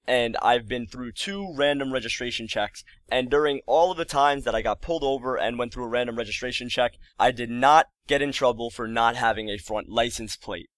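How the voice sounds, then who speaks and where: A young man in his early twenties, recounting a frustrating story in a casual, rambling way. His voice sits at a middle pitch and sounds close and dry, with no room around it. He keeps slipping into exasperated asides. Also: a little fast, hardly any pauses, fairly bright tone, dry recording. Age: early 20s. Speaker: vlogger.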